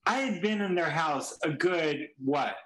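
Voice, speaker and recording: A man's voice: on the high side, lively intonation, a little slow, reverberant, a loud crowd. A man co-hosting a podcast in casual chat, rambling and restarting his sentences, swearing now and then. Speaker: podcast co-host.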